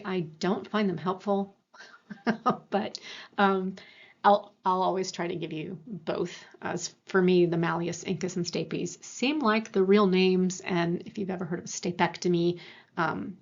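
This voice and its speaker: A woman's voice: fairly low pitch, a little mellow, highs cut off. A woman giving a university lecture in an explanatory way, with many fillers and self-corrections. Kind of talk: recorded lecture.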